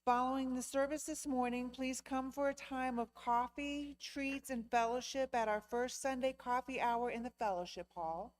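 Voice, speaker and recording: Church treasurer, woman, slightly high voice, measured and welcoming announcements. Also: fairly even intonation, rough recording. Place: church sanctuary during a service.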